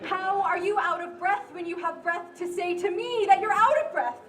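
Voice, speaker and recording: A woman's voice: very high voice, moderate pace, background noise. Actress playing an eager young woman in love. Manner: impatient, pleading. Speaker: stage actor. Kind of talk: live outdoor theater acting and singing. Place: outdoor stage. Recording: distant echoey live stage recording with music.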